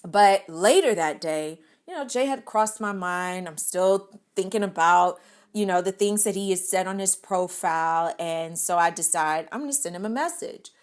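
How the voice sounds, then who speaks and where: A woman telling a comic personal story on a podcast, animated and expressive, laughing often and stumbling over words when worked up. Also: on the low side, moderate pace.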